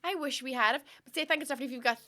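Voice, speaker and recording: A woman with a high voice chats as a guest on a comedy podcast. She trades family stories in a loose, sweary way and laughs easily. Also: bright, forceful tone. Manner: chatty, quick to laugh, sweary. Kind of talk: casual comedy podcast chat.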